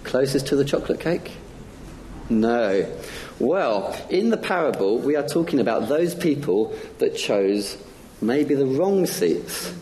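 A man's voice: mid-range voice, very animated, measured pace, mellow, a little hiss or hum. A man giving a playful talk to children during a church service, asking them many questions. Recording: echoey church hall.

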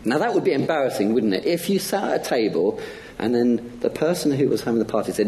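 A man's voice: mid-range voice, sing-song, quick pace, warm tone. A man giving a playful talk to children during a church service, asking them many questions. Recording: echoey church hall.

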